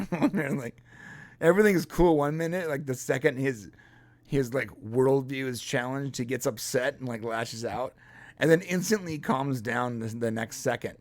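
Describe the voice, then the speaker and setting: A man's voice: mid-range voice, normal speed. A man co-hosting a live TV review show, chatting casually and breaking into laughs between jokes. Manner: laughs often, jokey asides. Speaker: podcast co-host. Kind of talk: casual livestream review chat.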